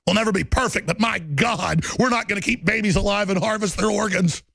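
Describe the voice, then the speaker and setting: A male radio talk host in full rant, his voice high-pitched and gravelly with a husky edge. He lurches between shouted tirades and low muttered asides, recorded dry and close on a studio broadcast mic. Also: brisk, dry recording. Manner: ranting, swings from shouted outbursts to low muttering. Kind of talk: fiery on-air rant.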